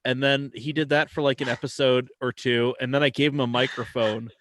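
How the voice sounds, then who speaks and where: A man in casual podcast chat, recorded close and dry, with a mid-pitched voice. He teases his co-hosts wryly. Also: little pitch movement, a little fast, fairly bright tone, no echo. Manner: wry, teasing banter. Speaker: podcast host.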